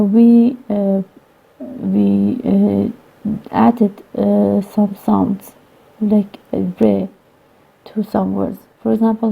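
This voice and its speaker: Woman lecturing haltingly over a tinny line. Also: medium pitch, creaky, breathy edge. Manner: halting, many "uh" pauses, non-native grammar. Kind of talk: recorded phonology lecture. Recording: tinny phone-like lo-fi recording.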